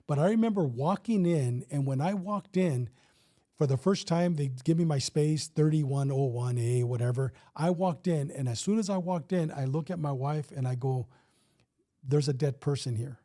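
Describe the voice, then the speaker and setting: A man's voice: fairly high pitch, normal speed, mellow. A man in his fifties, a retired police officer, telling a story in a casual interview and acting out the dialogue with some swearing.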